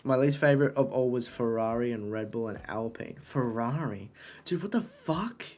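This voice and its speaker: A young man chatting casually on a live stream, talking to his chat, excitable and swearing often, into a desk microphone. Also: medium pitch, moderate pace, a little hiss or hum. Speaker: livestreamer.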